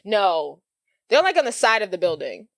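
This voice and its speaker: A woman's voice: medium pitch, moderate pace, no room sound, clean studio sound. A woman co-hosting a podcast, casually retelling a movie plot, acting out the lines and saying "like" often. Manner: animated storyteller, acts out quotes, lots of "like". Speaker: podcast co-host.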